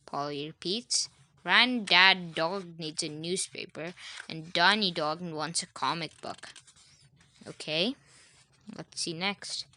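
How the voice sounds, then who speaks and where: A woman's voice: fairly low pitch, slow, bright, forceful tone, dry recording. A woman reading a children's storybook aloud, adding chatty asides to the listener.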